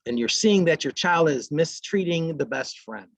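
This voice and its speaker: A man's voice: on the high side, expressive, normal speed, no echo. A man presenting a parenting workshop, talking casually and acting out short lines from parents and kids. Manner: conversational, acts out parents and kids in brief quotes.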